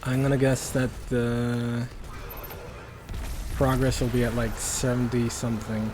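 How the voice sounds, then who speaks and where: A man's voice: medium pitch, flat delivery, unhurried, over music. A man streaming a game, chatting casually with rambling, stumbling commentary. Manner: rambling, self-correcting, stumbles over words.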